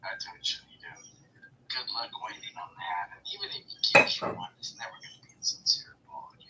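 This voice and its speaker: A man in casual chat, gossiping and often dropping into a hushed half-whisper. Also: sits low, fairly quick, distant mic. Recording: voice a bit off-mic with faint background noise.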